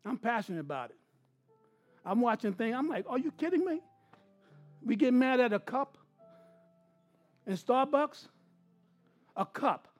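A man delivers a sermon from the pulpit in a strikingly high voice. He swings between hushed, intimate asides and loud, emphatic bursts. Faint music plays beneath him. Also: expressive, a little slow, pauses often, lo-fi sound. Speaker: pastor.

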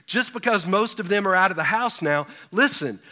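A man's voice: sits high, lively intonation, normal speed, bright, forceful tone. A pastor in his fifties preaching a sermon, full of rhetorical questions and personal stories. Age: 50s.

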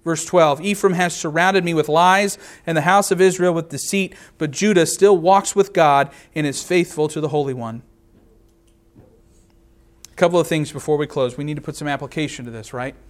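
A man preaching a sermon, reading scripture aloud and explaining it verse by verse, earnest and slowing down to stress key words. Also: a little high. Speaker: pastor.

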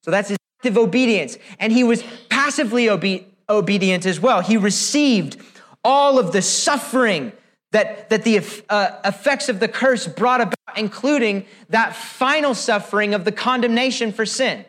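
A man with a strikingly high voice delivers a sermon. He speaks with emphatic, deliberate weight and builds his points through rhetorical questions. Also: lively intonation, fairly bright tone. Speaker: preacher.

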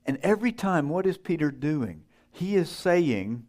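A man's voice: on the high side, big pitch swings, measured pace, few pauses, darkish tone. A man preaching a sermon in a conversational way, putting questions to his listeners and acting out the voices in a story he tells.

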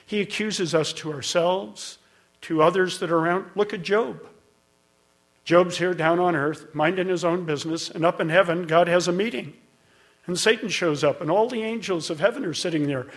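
Storytelling male preacher, a bit high. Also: normal speed, fairly bright tone. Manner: conversational storyteller, rising to emphatic peaks. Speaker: pastor. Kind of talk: sermon with storytelling.

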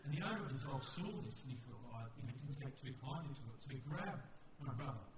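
Australian pastor preaching in an echoey church. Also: male voice, medium pitch, lively intonation, quick pace, distant mic. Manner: storytelling, acts out quoted voices. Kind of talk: sermon. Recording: echoey church sound from afar, noisy.

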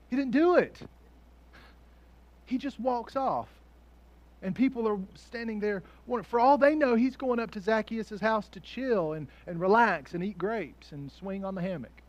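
A man preaching a sermon as a pastor, animated, often laughing and acting out voices, swinging from hushed asides to loud peaks. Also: high voice, normal speed, highs cut off.

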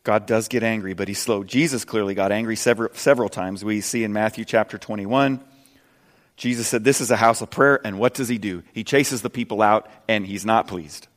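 A man in his fifties preaching a sermon earnestly, dropping soft and low, then rising loud and emphatic. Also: brisk, long reverb tail. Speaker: pastor.

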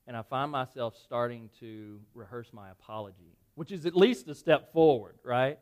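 A man preaching a sermon, telling a personal story conversationally, with self-deprecating asides and lively acted-out dialogue. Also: mid-range voice, moderate pace, hardly any pauses. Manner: animated, acts out dialogue in shifting voices. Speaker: pastor.

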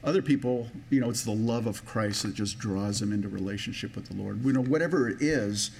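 A man's voice: on the low side, fairly quick, creaky, darkish tone. Conversational male preacher, faint hiss. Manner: personal, conversational preaching with many restarts. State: emotional. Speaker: pastor. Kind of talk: sermon.

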